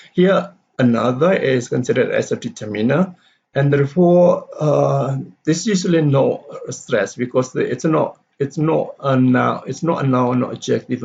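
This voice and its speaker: A man teaching pronunciation in a lecture, halting with many fillers and restarts as he reads example sentences aloud. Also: mid-range voice, gravelly, darkish tone, a little hiss or hum. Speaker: English teacher. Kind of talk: explanatory lecture on stress and intonation. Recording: dull lo-fi recording.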